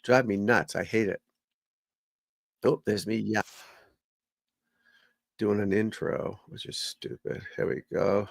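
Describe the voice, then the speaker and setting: A male golf instructor talks loosely on a livestream, drifting between thoughts and swearing offhandedly. His voice sits low with a gravelly vocal fry. The sound is dry and close. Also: fairly even intonation, unhurried, fairly bright tone, no echo. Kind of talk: casual livestream chat.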